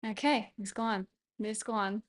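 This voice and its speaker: A woman's voice: medium pitch, steady tone, slow pace. A young woman from New York State chatting casually with viewers on a live stream while she paints, laughing often and muttering to herself. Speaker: livestreamer.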